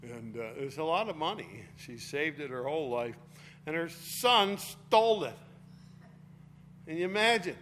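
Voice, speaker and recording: A man's voice: fairly high pitch, expressive, measured pace, fairly bright tone, slight background noise. A man teaching a Bible study, explaining a passage in a casual, chatty way with an occasional laugh. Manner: casual explaining, reading scripture aloud with force.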